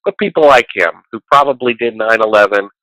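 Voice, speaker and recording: Rambling, preachy man with a bright voice. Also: lowish voice, fairly quick, no room sound, low-quality recording. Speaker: guest. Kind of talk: casual conversation.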